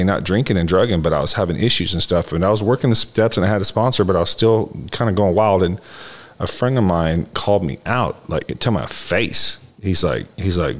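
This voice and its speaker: A deep, low-pitched older man hosts a podcast. He tells his story candidly and rambles a little, lifting his voice high whenever he acts out what someone said. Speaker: podcast host. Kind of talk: casual storytelling chat.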